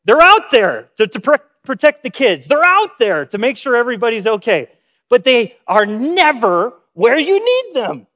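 A man's voice: very high voice, sing-song, normal speed, fairly bright tone. A man preaching a sermon, opening with a storytelling anecdote and acting out the lines of the people in it. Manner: storytelling with acted-out quotes. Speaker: pastor.

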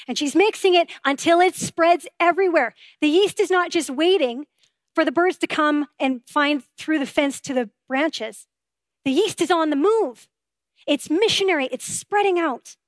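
High-voiced woman preaching earnestly. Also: dry recording. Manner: earnest, conversational preaching with rhetorical questions. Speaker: pastor. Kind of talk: sermon.

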